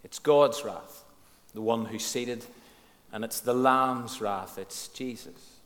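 A man's voice: medium pitch, steady tone, slow, a bit bright. A man preaching a sermon, earnest and frank, who asks his congregation questions and leans on key words. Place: church hall. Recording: echoey church hall.

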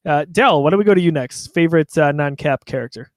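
A man hosts a podcast chat and guides the talk between the others in a measured way. His voice sits a little high. The room sound is dry and close. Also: dry recording. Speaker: podcast host.

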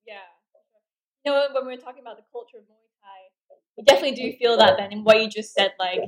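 A woman hosts a podcast interview in an easy conversational manner, with fillers here and there. Her voice sits high. People murmur in the background. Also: fast talker, distant mic, crowd noise, low-quality recording. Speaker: podcast host. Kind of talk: casual interview chat.

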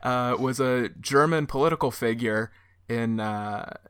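A man on a casual comedy podcast, delivering jokes in a deadpan, mock-serious way. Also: medium pitch, a little slow, a crowd in the background. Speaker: podcast co-host.

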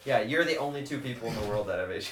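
A man's voice: medium pitch, expressive, very fast. A man in his twenties hosting a rowdy casual party chat, joking and laughing. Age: 20s. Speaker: host. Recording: echoey room, mic from a distance.

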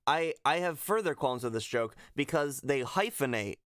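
A man's voice: mid-range voice, lively intonation, normal speed, fairly bright tone, no echo. A man co-hosting a casual podcast, talking with dry exasperation and dragging out his complaints. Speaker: podcast co-host.

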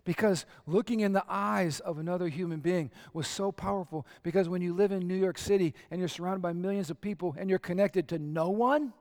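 Male pastor, higher voice, lively conversational sermon with acted-out quotes. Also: a little fast, hardly any pauses.

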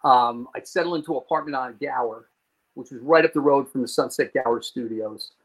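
A man from New Jersey, a podcast guest, telling a story in a lively way, swearing and acting out scenes. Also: mid-range voice, fairly quick, rough recording. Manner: animated, swearing, acts out scenes. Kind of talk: profane comic storytelling.

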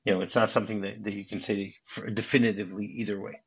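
Man, podcast host, husky voice, muffled recording, rambling restarts. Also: on the low side, flat delivery, fast talker. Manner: rambling, many restarts, acts out lines. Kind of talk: casual movie discussion.

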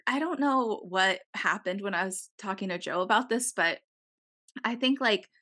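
A woman's voice: mid-range voice, moderate pace, sharp tone, dry recording, clean studio sound. A young woman co-hosting a podcast in casual chat, rambling with many fillers. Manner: chatty, filler-heavy with lots of "like". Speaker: podcast co-host.

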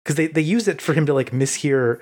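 A man co-hosting an anime podcast, working through his points with many fillers and pauses. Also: fairly high pitch, darkish tone. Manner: halting, many fillers, analytical. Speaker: podcast co-host. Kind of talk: casual chat.

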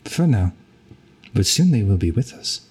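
A man voicing a weary, stony male pirate captain who speaks quietly and in a measured way. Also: fairly low pitch, big pitch swings, breathy edge, exaggerated voice. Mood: grave.

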